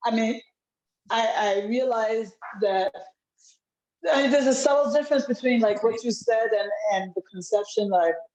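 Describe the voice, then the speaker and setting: A woman sharing a reflection in a halting, thoughtful way, with many restarts. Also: medium pitch, mellow. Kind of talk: reflective group discussion. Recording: roomy echo.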